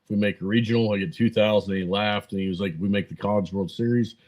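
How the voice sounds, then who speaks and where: A man's voice: fairly low pitch, steady tone, fast talker, darkish tone, rough recording. A man in his forties, a podcast guest, telling long rambling stories with lots of fillers and quoted back-and-forth. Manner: rambling anecdotes full of fillers and quoted dialogue. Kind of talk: casual storytelling interview.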